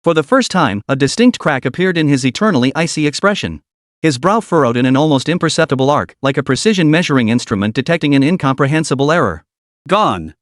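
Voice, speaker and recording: A man narrating a story in a steady, dramatic storytelling manner. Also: on the high side, no room sound, clean studio sound.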